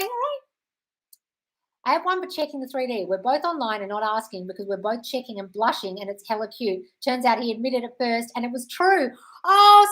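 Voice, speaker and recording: With a fairly high pitch, the Australian streamer reads her viewers' comments aloud during a casual Q&A. She answers in a chatty way, swears freely, and calls them darling.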